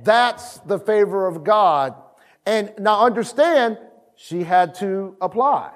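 Man, pastor, preaching a sermon, high voice, call-and-response, shouts, long hall reverb. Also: expressive, takes it slowly.

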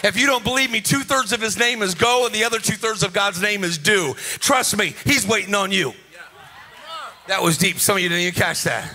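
Preaching an energetic sermon at a conference, a man with a high, sharp voice speaks a little fast. He jokes and rouses the crowd with sing-song delivery and frequent calls to the audience.

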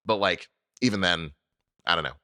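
Low-voiced man, jokey podcast co-host. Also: normal speed, dry recording, studio quality. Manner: animated, jokey, swears casually. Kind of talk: casual chat.

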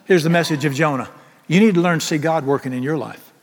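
A middle-aged preacher delivers an emphatic, folksy sermon, breaking into humorous asides. His voice sits a little high for a man. It rings with a long reverb, as in a large church hall. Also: quick pace.

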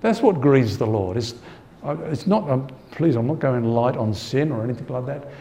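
A man's voice: mid-range voice, expressive, normal speed, warm tone, slight background noise. A man preaching a Bible-teaching sermon in a conversational way, repeating his key points and often saying "you know.".

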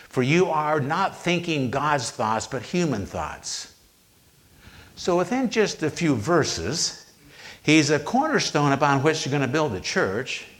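A man preaching a sermon, retelling scripture with slow, emphatic pauses on quoted lines. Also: a little high, a bit bright.

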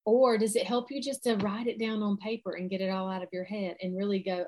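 A woman's voice: mid-range voice, fairly quick, hardly any pauses. A woman, speaking as a coach in an earnest motivational talk and acting out examples of self-talk. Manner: earnest, animated, acts out inner self-talk.

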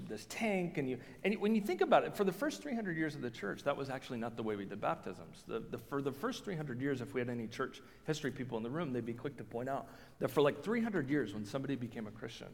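Animated preacher in a reverberant hall. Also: male voice, medium pitch. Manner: animated storyteller, acts out quoted voices, self-restarting. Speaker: pastor. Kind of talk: sermon.

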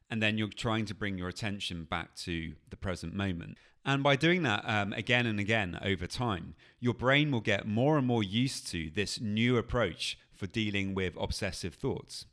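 A man with a fairly low voice talks listeners through a coping technique. His delivery is calm and patient, unhurried and explanatory, like a coach on his own podcast. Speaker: anxiety coach. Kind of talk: podcast teaching.

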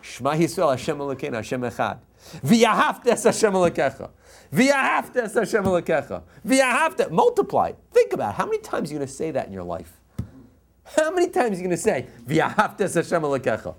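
Rabbi type, male, lively swooping delivery, emphatic repeats, quotes Hebrew, jokey with the room. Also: fairly high pitch, fast. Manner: passionate and jokey. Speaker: rabbi teaching a class. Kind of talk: Torah lecture to a live audience.

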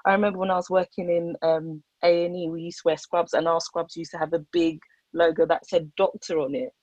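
Earnest woman with a low voice. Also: little pitch movement, brisk, a little mellow, no room sound. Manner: earnest, storytelling, reflective. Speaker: doctor, guest speaker. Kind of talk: casual discussion. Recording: dull, dry recording.

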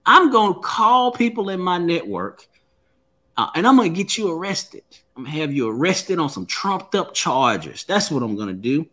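A man voicing an older business partner who calmly threatens him in a mafia-style way. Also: fairly high pitch, moderate pace, pitched above the performer's own voice, full character voice. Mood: menacing. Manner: mafia-style threatening, calm and matter-of-fact. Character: menacing older male business partner, smug bully.

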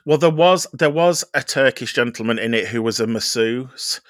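A man's voice: mid-range voice, normal speed, fairly bright tone, dry recording, studio quality. A man guest-reviewing a show on a podcast, rambling and gossipy in casual chat. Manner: rambling, many fillers and restarts, gossipy.

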